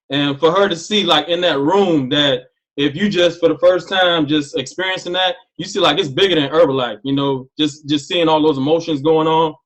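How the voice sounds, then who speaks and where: A man's voice: a little high, a bit bright, rough recording. Reflective man sharing on a call. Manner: reflective, conversational, many fillers. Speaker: team member sharing on a call. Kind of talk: casual testimonial share.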